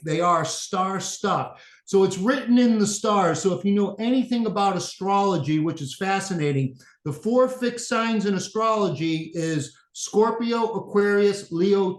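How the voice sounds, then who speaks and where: A man's voice: high-pitched, reverberant. A man in his fifties with a Boston accent, a functional medicine practitioner telling his story earnestly as an interview guest. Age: 50s. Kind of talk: interview conversation.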